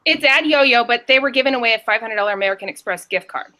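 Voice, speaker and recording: Bright-voiced chatty woman reseller. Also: fairly high pitch, fast talker. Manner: chatty and rambling, lively storytelling. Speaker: reseller on a panel show. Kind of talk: casual chat.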